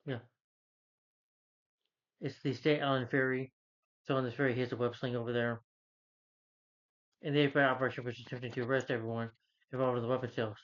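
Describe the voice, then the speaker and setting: A man's voice: medium pitch, flat delivery, fast talker, pauses often, lo-fi sound. A man casually recapping a film. He rambles, corrects himself and retells scenes with quotes. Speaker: film reviewer.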